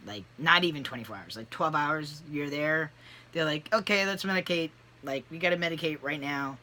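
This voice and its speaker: A vlogger talking candidly in a casual personal video, rambling with many fillers and animated asides. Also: mid-range voice, normal speed.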